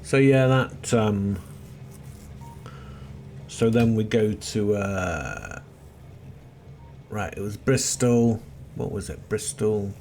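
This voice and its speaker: A man's voice: on the low side, expressive, extremely slow, long pauses, darkish tone. A middle-aged man giving chatty, self-deprecating gameplay commentary, often muttering to himself as he plays. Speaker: let's play host. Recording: noisy background with seagulls.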